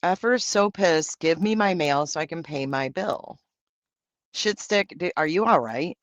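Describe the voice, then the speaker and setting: A man's voice: a little high, a little slow, fairly bright tone, dry recording. A man hosting a livestream, reading out and answering viewer comments in brash, profane, campy banter. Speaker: livestream host.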